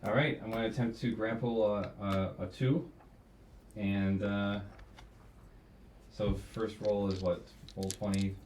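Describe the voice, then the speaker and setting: A man's voice: lowish voice, little pitch movement, a little slow, pauses often, darkish tone, distant mic, slight background noise. A man playing a tabletop game, talking in a hesitant, tentative way. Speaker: player. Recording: echoey room, off-mic.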